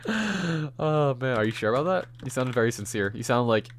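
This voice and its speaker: A man's voice: mid-range voice, expressive, moderate pace, slight background noise. A man streaming a game, chatting casually and teasing his friend, swearing and laughing often. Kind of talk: casual chat on a gaming stream.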